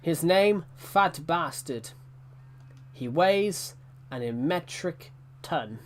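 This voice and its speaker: A man voicing a scheming villain, speaking slowly and pompously. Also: on the high side, lively intonation, a little hiss or hum. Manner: slow, deliberate, pompous delivery.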